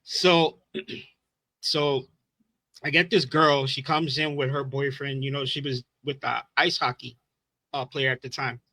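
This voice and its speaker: A man co-hosting a podcast, excitable and profane, reacting quickly and telling his own stories. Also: medium pitch, no room sound. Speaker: podcast co-host. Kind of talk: casual chat, storytelling.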